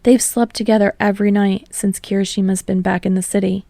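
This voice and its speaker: A woman's voice: medium pitch, little pitch movement, a little fast, creaky, mellow, dry recording. Woman reading a fan fiction audiobook. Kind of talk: audiobook narration.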